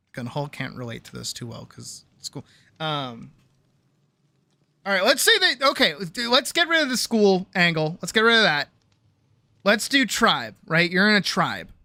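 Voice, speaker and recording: In a dry recording, a streamer at home chats casually with viewers, rambling, cursing, interrupting themselves mid-thought and laughing often. Their medium-pitched voice sounds bright and forceful.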